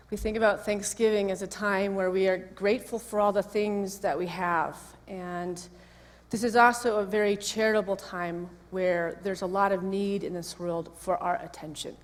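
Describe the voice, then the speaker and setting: Woman minister in an echoey church. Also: mid-range voice. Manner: chatty, with friendly asides. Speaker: associate minister. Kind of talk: casual sermon talk. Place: church sanctuary. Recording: long echo of a church hall.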